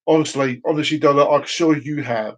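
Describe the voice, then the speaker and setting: High-voiced chatty man. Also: steady tone, brisk, fairly bright tone, rough recording. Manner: teasing, chatty, many restarts. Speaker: vlogger. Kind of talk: rambling casual monologue.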